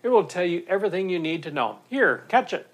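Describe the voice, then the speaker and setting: A man voicing a brisk, confident boat owner who talks in a chirpy, lecturing way. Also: high voice, very animated, voice pushed up. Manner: chirpy, lecturing, matter-of-fact.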